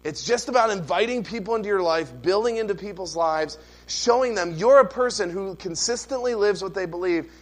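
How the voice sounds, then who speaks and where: A man in his thirties preaching a sermon to his church, earnest and building to loud, impassioned calls. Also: high-pitched, fairly quick, hardly any pauses, low-quality recording. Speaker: pastor. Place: church sanctuary.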